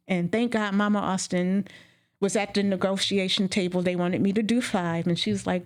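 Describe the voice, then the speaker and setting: A woman dentist telling her career story in an interview, emotional and animated, acting out what she said back then. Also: mid-range voice, moderate pace. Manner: emotional, animated, acts out her own quotes.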